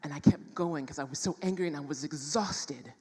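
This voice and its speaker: Low husky woman, animated emphatic storyteller, long hall reverb. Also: brisk. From New York City. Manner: animated, emphatic, laughs often. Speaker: speaker in a stage talk. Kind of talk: personal storytelling talk to an audience.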